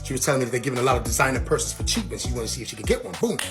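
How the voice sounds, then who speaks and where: Animated male comic storyteller over music. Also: very fast. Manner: animated, acts out quotes with big pitch jumps.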